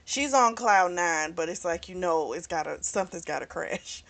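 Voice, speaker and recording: A woman's voice: fairly low pitch, moderate pace, few pauses, fairly bright tone, no room sound. A woman reviewing a book, casually retelling its plot in a candid, rambling way with frequent fillers and self-corrections. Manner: candid and chatty, frank about explicit scenes.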